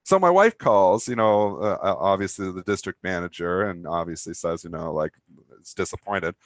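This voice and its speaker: On a live trading talk show, a low-voiced co-host speaks animatedly at normal speed, spinning a long, meandering story full of fillers in casual chat. The recording is dry.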